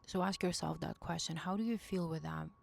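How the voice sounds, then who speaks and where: A woman's voice: lowish voice, fairly even intonation, fairly quick, vocal fry. A woman giving intuitive spiritual advice in a casual monologue, speaking earnestly, often searching for words and rephrasing herself. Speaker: intuitive message reader.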